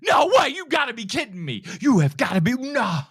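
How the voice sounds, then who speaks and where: A man's voice: extremely high pitch, very animated, fairly quick, fairly bright tone, slightly rough, raised voice, voice pushed up, heavily acted. A man mocking a gasping hyped-up trailer reactor. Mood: mock hype. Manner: mocking exaggerated hype.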